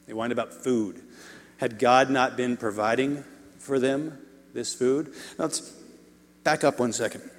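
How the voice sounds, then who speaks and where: A man preaching a sermon in an animated way, shifting his volume and adding playful asides to the congregation. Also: medium pitch, unhurried, long pauses, long reverb tail.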